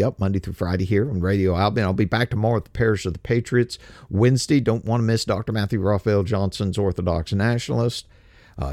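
A man's voice: a little mellow, no room sound, clean studio sound. A man hosting a talk show, delivering an impassioned, indignant and mocking monologue that climbs to heated, emphatic peaks. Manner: climbs to heated, emphatic peaks, then drops low and slow. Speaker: show host.

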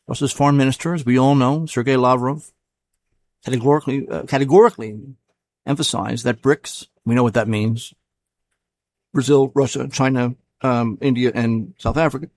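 A man with a medium-pitched, darkish voice hosts a solo commentary show. He talks casually and rambles, often stopping to correct himself.

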